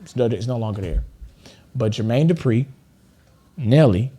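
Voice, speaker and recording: Warm and expressive with a breathy edge, the mid-range voice of a middle-aged Los Angeles man comes through a studio podcast mic at normal speed. Guesting on the show, he tells casual, animated stories, laughing often and mimicking others in a raised voice.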